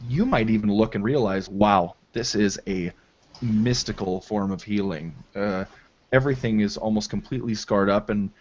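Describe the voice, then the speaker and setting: A man narrating as game master of a tabletop game, in a halting style full of fillers, on a dull lo-fi recording. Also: on the low side, darkish tone. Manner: slow, halting descriptive narration with many fillers.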